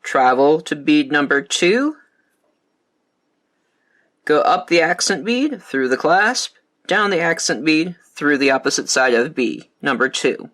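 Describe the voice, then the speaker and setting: Bright, methodical man teaching a craft. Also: a little high, unhurried. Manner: calm, methodical step-by-step instructions. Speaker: beading instructor. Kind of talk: step-by-step craft tutorial.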